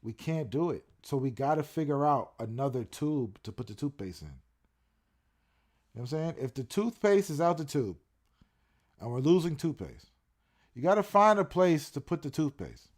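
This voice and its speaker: On a livestream, a man with a higher, sing-song voice rants at a moderate pace. He reacts casually, swearing and repeating himself.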